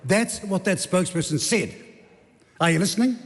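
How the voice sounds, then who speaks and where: A man's voice: sits high, expressive, moderate pace. A man giving a combative, sarcastic parliamentary debate speech as a government minister. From New Zealand. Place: large parliamentary debating chamber. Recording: echoey debating chamber.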